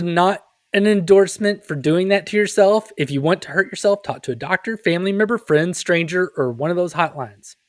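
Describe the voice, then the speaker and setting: Male podcast co-host, jokey and goofy, slightly high voice, dry sound. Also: no room sound. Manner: joking, laughs often, goofy asides. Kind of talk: casual chat.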